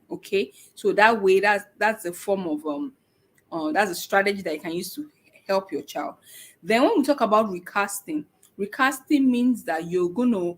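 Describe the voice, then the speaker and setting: Patient woman teaching parents. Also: medium pitch. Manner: patient, repeats points, frequent "okay?" check-ins; halting, with many "um" pauses. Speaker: speech and autism educator. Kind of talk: informal teaching talk to parents.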